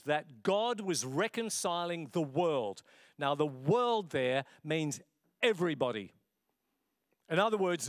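A man's voice: on the high side, no echo, clean studio sound. A middle-aged man, a pastor preaching a passionate, conversational sermon. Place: church.

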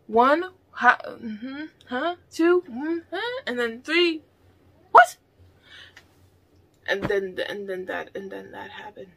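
A woman vlogger reacting to a film in a casual, rambling, excitable way. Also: on the high side, slow, creaky, pauses often.

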